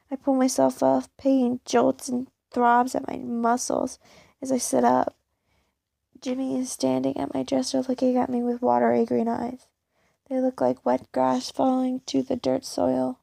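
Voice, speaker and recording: Woman reading fan fiction, heavy vocal fry, slow, stumbles and self-corrects, dry close sound. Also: a little high, flat delivery, dark tone, no room sound. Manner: halting, stumbles and corrects herself. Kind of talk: first-person story reading.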